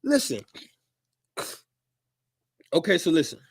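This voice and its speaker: A man speaking in a profane, preachy monologue to his viewers, often rising into shouts. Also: on the high side, wildly swooping pitch, slow pace, creaky, husky. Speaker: commentator. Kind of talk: animated monologue to camera.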